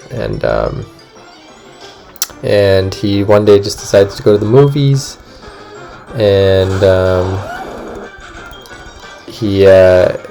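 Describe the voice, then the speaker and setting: Between bouts of gameplay, a man hosting a gaming video rambles through a story in a casual, filler-heavy way, cursing occasionally. His voice is deep and creaky with a warm tone.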